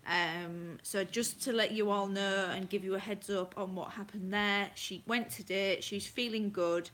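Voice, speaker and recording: A woman's voice: medium pitch, fairly even intonation, a little slow, fairly bright tone. A woman hosting a casual livestream on her phone from home at night, chatty and apologetic, greeting viewers by name. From England. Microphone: phone held close.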